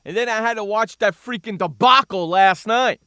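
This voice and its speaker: A man's voice: high-pitched, normal speed, pushed and bright, dry recording. A man hosting a sports talk radio show, ranting animatedly about the games and saying "freaking" over and over.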